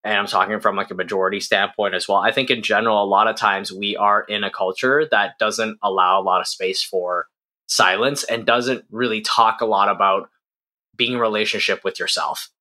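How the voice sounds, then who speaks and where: A man's voice: lowish voice, fairly even intonation, fairly quick, sharp tone. A young man co-hosting a podcast, talking reflectively in a casual conversation with plenty of fillers and restarts. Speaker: podcast co-host.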